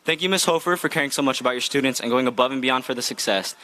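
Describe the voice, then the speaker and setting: At an outdoor graduation ceremony, a young man who is graduating reads an earnest, heartfelt speech from a script. His mid-range voice goes very fast, and the background is noisy.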